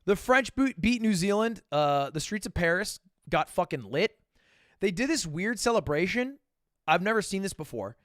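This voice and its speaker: Swearing often, a young man tells his stream a self-mocking story at normal speed, animated throughout. His somewhat high voice swings widely in pitch, leaping into loud bursts and sinking into low asides, recorded close and dry without echo.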